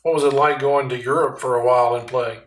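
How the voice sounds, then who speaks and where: A male interviewer who asks his questions quickly in a flat, level tone. His voice carries a noticeable room echo. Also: medium pitch. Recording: echoey room.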